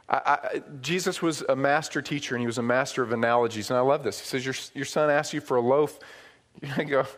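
A middle-aged man from upstate New York preaching a sermon, telling stories with swings from hushed asides to loud, emphatic points. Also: medium pitch, fairly quick. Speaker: pastor.

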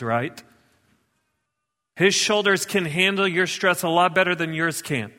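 A man's voice: fairly high pitch, bright, forceful tone, in a large hall. A man preaching a sermon as pastor, emphatic and repeating key words with rising force.

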